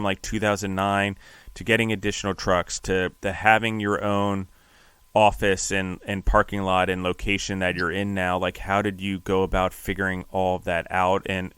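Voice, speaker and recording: Deep monotone guy hosting a podcast, rambly, lots of "like", dry close sound. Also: moderate pace, smooth, dry recording. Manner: rambling, fills with "like". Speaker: podcast host. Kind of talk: casual interview.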